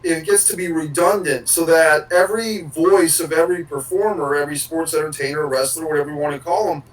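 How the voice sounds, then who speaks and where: A man's voice: on the high side, a little fast, far from the mic, poor audio. Rambling man podcast host, a bit off-mic. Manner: rambling, swears casually. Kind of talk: casual podcast chat.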